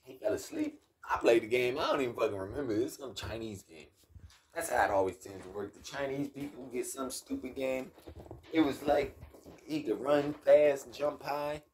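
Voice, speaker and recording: A man's voice: medium pitch, animated, normal speed, darkish tone. A young adult man telling a rambling, profane story in a casual rant.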